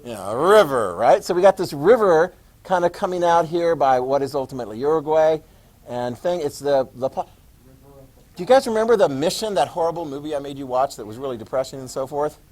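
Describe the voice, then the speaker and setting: Man, history teacher, classroom lecture, lively intonation, rhetorical questions to students. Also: a little high, brisk. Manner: animated, asks the class questions and answers them himself.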